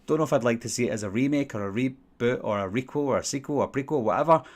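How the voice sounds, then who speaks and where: A young Glaswegian man from Scotland hosts a channel's casual live-stream Q&A, his mid-range voice moving at a quick pace. He rambles through viewer questions, using lots of fillers.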